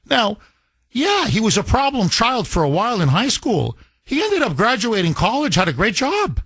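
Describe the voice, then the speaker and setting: A man hosting talk radio, telling a story in an animated way into a studio microphone. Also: sits high, no echo.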